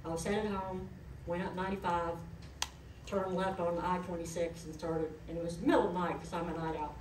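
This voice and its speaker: A woman's voice: lowish voice, steady tone, a little fast, background noise. A middle-aged woman, giving a eulogy in a chatty, folksy storytelling way. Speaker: eulogist, daughter of the deceased. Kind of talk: eulogy told as personal stories. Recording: echoey hall, voice from far off.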